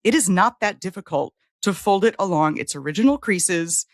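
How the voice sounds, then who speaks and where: A woman co-hosting a rewatch podcast in casual chat. She makes her points with emphatic, self-mocking humor and laughs at herself. Her voice is fairly low and sounds dry and close, with little room. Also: animated, normal speed, no room sound. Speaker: podcast co-host.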